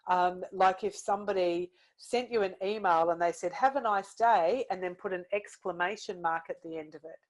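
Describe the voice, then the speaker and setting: A middle-aged British woman presenting a webinar on a computer mic. Her voice sits a little low for a woman, and she talks in a loose, chatty way full of "you know" fillers. Her delivery is casual and conversational rather than scripted. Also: steady tone, fairly quick, few pauses, rough recording. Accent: British English. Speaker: webinar presenter on workplace wellbeing. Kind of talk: casual spoken webinar talk.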